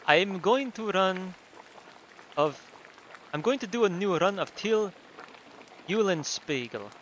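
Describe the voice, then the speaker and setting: A man's voice: sits high, lively intonation, slow pace, fairly bright tone, slight background noise, heavily acted. A man doing a proud German printer. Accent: vaguely German put-on accent. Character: gruff middle-aged German male printer.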